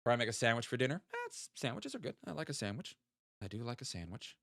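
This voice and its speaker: A man's voice: medium pitch, huge pitch swings, fast talker, creaky, fairly bright tone, dry recording, studio quality. A young man, chatting casually with viewers while playing a geography game and thinking aloud. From American South. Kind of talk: casual live-stream chat.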